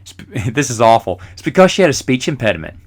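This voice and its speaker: A man's voice: medium pitch, big pitch swings, quick pace. A middle-aged man hosting a podcast, telling rambling, self-mocking stories in a casual way. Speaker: podcast host. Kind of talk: casual storytelling.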